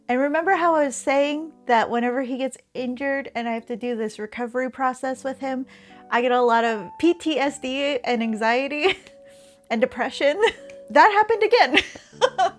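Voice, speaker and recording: A woman in her thirties from Canada chats candidly in a relaxed vlog, with a slightly high voice. She laughs often between her phrases. Soft music plays faintly behind her. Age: 30s. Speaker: streamer and vlogger. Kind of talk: casual chatty vlog.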